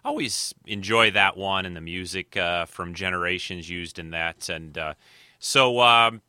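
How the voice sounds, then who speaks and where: Male podcast host, slightly nasal, rambling delivery with lots of pauses, very bright crisp tone, bone-dry close mic. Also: deep voice, no room sound. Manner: rambling, many filler pauses. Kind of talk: casual solo podcast talk.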